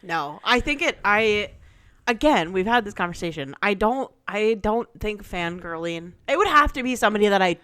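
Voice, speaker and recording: Bright-voiced woman telling a story. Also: mid-range voice, lively intonation, normal speed, clean tone. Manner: storytelling with frequent "like" fillers and loud bursts of laughter. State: sick, losing her voice. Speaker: podcast co-host. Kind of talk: casual chat.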